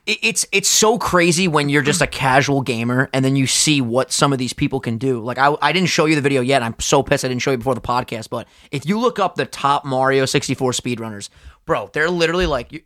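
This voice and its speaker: A young man co-hosting a podcast, chatting casually in an excitable, slangy way with plenty of swearing. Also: mid-range voice, fairly quick. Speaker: podcast co-host.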